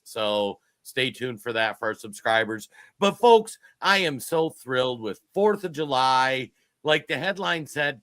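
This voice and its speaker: A fifty-year-old man co-hosting a casual political podcast, talking in an excitable, joking and emphatic way. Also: medium pitch, no room sound. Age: 50s. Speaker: podcast co-host.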